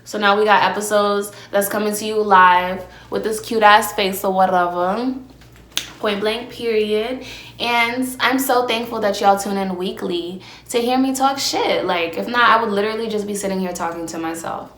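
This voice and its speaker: A woman's voice: medium pitch, normal speed, fairly bright tone. Brash woman podcaster in a roomy echo. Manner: brash, profane storytelling, eats while talking. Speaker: podcast host. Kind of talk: casual solo podcast chat. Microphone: phone camera with ring light.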